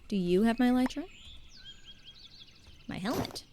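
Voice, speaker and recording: A young woman chatting casually while streaming a game, talking to her viewers in an animated, chatty way. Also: high-pitched, measured pace, pauses often, slight background noise. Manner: chatty and animated, talks to chat. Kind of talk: casual gameplay commentary.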